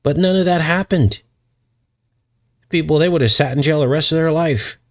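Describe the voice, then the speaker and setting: A man's voice: fairly high pitch, moderate pace. A man hosting a casual livestream, rambling and chuckling as he answers his viewers' chat. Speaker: channel host.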